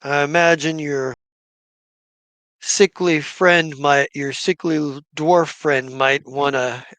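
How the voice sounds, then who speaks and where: A man's voice: fairly high pitch, steady tone, slow pace, fairly bright tone, no room sound. A man voicing a hospitable male innkeeper in a tabletop game. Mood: genial.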